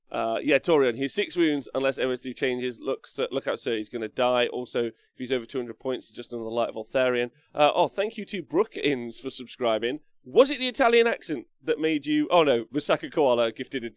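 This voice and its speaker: Gravelly streamer. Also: male voice, medium pitch, dry recording, clean studio sound. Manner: chatty, upbeat, thanks viewers by name. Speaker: wargaming stream host. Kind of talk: live stream chat.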